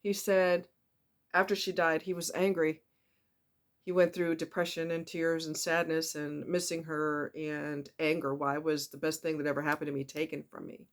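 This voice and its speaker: A woman giving a casual monologue about relationships, emphatic and animated, repeating words for effect. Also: low-pitched, normal speed. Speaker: relationship commentator.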